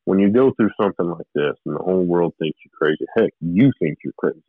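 A man's voice: low voice, fast talker, breathy edge, no echo, phone-quality sound. A man telling a personal spiritual story in a rambling way, with restarts and short laughs. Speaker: guest telling his testimony.

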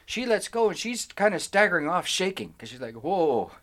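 A podcast co-host with a brisk, fairly high-pitched voice tells a long, wandering personal story while chatting casually with a friend. He's animated, keeps cutting himself off, and stops and restarts his sentences.

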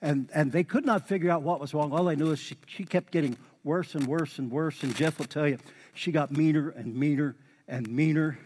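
A middle-aged man preaching a sermon in a folksy way, repeating key lines for emphasis and building into lively exhortation. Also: fairly high pitch, a little fast, husky. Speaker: pastor. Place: church sanctuary. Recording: long hall reverb.

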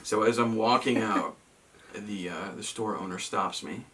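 A man's voice: lowish voice, measured pace, a bit bright, recorded from a distance. A young man from Massachusetts telling a story in casual chat, rambling and self-mocking, with many ums and restarts.

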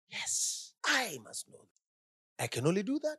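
A woman preaching a sermon in a church into a handheld microphone, shouting some lines and dropping to hushed asides, firing repeated questions at the congregation. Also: mid-range voice, very animated, unhurried, slightly rough. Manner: emphatic, swings from loud shouts to hushed asides. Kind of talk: sermon with congregation call-and-response. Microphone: handheld microphone held at the lips.

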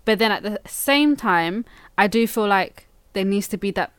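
A woman's voice: medium pitch, animated, moderate pace, smooth, dry recording. A young woman, a midwife, talking casually and earnestly in an explaining way. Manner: earnest, explaining, many fillers. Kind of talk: casual chat.

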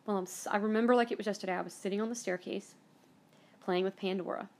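A woman's voice: mid-range voice, fairly even intonation, quick pace, a little mellow. A woman hosting her own podcast, telling a personal story with strong emotion, often repeating herself and trailing off. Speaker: podcast host.

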